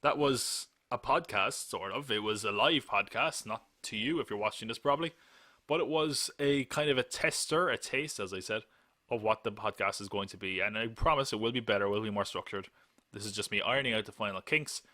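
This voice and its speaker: A man with a fairly low voice hosts a live podcast, chatting casually and drifting off track. His tone is sharp and forceful, and the sound is dry and close with no room echo. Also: a little fast. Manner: rambling, joking, laughs often. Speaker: podcast host.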